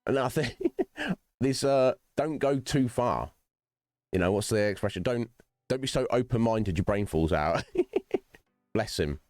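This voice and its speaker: A man's voice: mid-range voice, expressive, a little slow, long pauses, darkish tone, dry recording, studio quality, soft background music. A man hosting his own livestream, chatting to viewers by name in a rambling, philosophical way and swearing freely. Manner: chats directly to viewers by name. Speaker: streamer host. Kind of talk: casual livestream chat while gaming.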